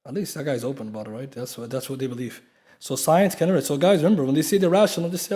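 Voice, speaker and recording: A man teaches a class in a mosque, talking quickly in a slightly high voice. He is emphatic, often asks his listeners rhetorical questions, and spells out key terms letter by letter. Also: warm tone. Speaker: Islamic lecturer. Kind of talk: classroom lecture. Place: mosque lecture room.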